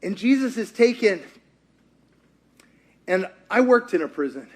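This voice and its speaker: A man preaching a sermon, retelling a story in a lively conversational way and acting out the characters' lines. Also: high voice, a little slow. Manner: acts out quotes in character voices, lively and conversational. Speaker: pastor.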